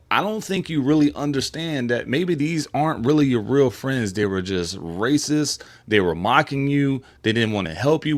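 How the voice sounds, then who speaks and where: A man giving earnest, explanatory reaction commentary on video clips. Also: mid-range voice.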